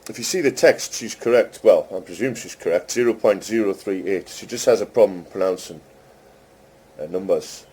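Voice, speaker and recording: A man casually chatting with an AI assistant, amused and teasing, speaking slowly and carefully to it. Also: deep voice, dark tone, husky. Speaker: host testing a voice chatbot. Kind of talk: casual chat with an AI.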